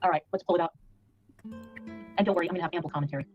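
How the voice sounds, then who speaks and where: A woman's voice: on the low side, fairly even intonation, highs cut off, faint music behind. A woman streamer ranting and reading out a statement, indignant and profane. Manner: indignant, profane, fast-talking. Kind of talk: live-stream rant.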